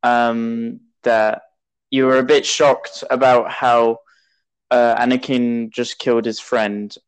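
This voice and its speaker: A young man with a British accent co-hosting a podcast, talking in halting, stubborn bursts. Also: mid-range voice, little pitch movement, clear, resonant tone, dry recording, rough recording. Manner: halting, restarts, stubborn in argument. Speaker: podcast co-host. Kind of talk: casual banter.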